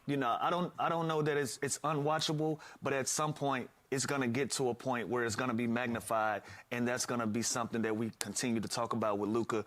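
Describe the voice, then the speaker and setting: A man's voice: mid-range voice, fairly even intonation, quick pace, hardly any pauses, a bit bright. A man talking casually about basketball in a rambling way, often repeating words. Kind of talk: casual sports talk.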